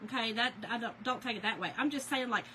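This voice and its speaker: A woman's voice: a little high, fast talker, sharp tone, a little hiss or hum, low-quality recording. A chatty woman, telling stories to viewers and reading their names aloud during a casual crafting livestream.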